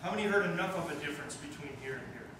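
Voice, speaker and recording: A man's voice: fairly high pitch, racing. A man, questioning and encouraging as he teaches a wind band in rehearsal. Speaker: band clinician. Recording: echoey rehearsal room from far off.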